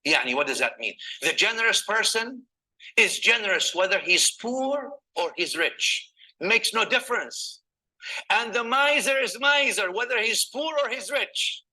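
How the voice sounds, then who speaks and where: A man's voice: sits high, lively intonation, unhurried, sharp tone, low-quality recording. A man preaching a sermon, telling stories and reciting Arabic scripture between English explanations, often asking the listeners rhetorical questions. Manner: asks the audience rhetorical questions.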